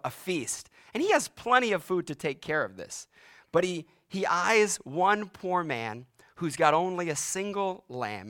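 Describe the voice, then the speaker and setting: A man's voice: fairly high pitch, fairly bright tone. A man preaching a sermon, retelling a story dramatically and swinging his voice up and down for emphasis. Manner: dramatic storytelling, voice rising and dropping sharply for emphasis. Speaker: pastor.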